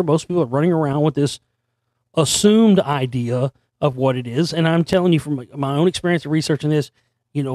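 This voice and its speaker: Hoarse man rambling through a monologue. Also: a little high, darkish tone, no echo, clean studio sound. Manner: rambling, with many restarts and repeated words. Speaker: host. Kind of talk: monologue to camera.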